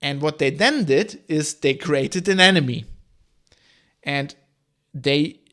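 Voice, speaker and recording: A man's voice: fairly high pitch, slow pace, fairly bright tone. A man in his thirties speaks in a slightly raised register. He hosts a live-streamed solo podcast and talks things through in long, discursive asides. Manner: discursive, explaining history in long winding asides. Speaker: podcast host.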